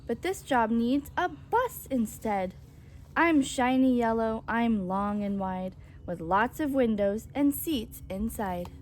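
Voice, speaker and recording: A woman reading aloud and voicing a kind, friendly female school bus, gentle and reassuring. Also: fairly high pitch, expressive, takes it slowly. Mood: kindly.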